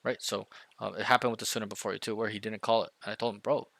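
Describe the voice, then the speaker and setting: A man's voice: fairly low pitch, level tone, rapid-fire, creaky, dry recording. A man coaching a student one-on-one over voice chat, emphatic and often checking in with 'right?'. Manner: emphatic, often checks in with 'right?', acts out loud team callouts. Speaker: game coach.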